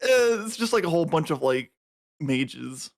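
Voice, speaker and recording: Gravelly young man chatting as a guest. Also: a little high, sing-song, moderate pace. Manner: laughs often, hesitant with restarts. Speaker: podcast guest. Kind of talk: casual chat.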